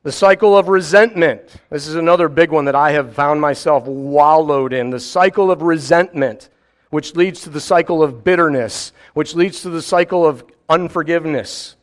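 A man preaching a sermon in an animated way, acting out mock voices and firing rhetorical questions. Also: a little high, normal speed.

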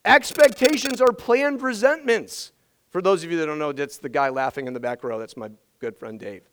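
A man preaching a sermon as pastor, energetic and emphatic, repeating his key phrases, his voice strained from yelling the day before. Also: mid-range voice, fast talker, smooth, low-quality recording.

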